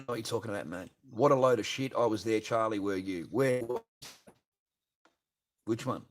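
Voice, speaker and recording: A man's voice: on the low side, moderate pace. A man on a livestream, ranting profanely and asking "right?" again and again. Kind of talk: unscripted livestream rant.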